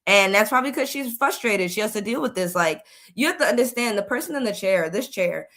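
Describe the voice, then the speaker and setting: A woman streamer speaks in casual reaction commentary at a middling pitch. She is candid and reflective, circling back to the same points as she weighs what she has watched. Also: expressive, a little fast, a bit bright.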